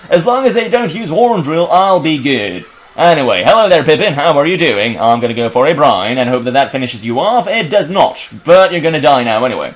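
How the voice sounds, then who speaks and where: A man's voice: fairly high pitch, big pitch swings, a little fast. A young man from Belgium giving casual, joking game commentary and swearing freely. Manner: swearing, joking, laughing at own voices. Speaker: let's-play host. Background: game music.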